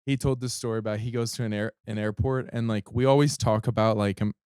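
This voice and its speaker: A man who is a touring musician, a guest on a podcast, telling relaxed anecdotes in casual chat. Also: on the low side, fast talker, clean tone, no echo, clean studio sound. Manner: relaxed anecdote teller, easy laughter.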